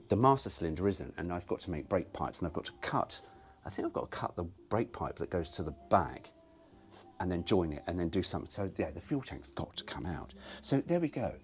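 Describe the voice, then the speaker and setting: A man rambling through a casual car-repair vlog, self-mocking and swearing freely. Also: sits low. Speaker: car restoration vlogger.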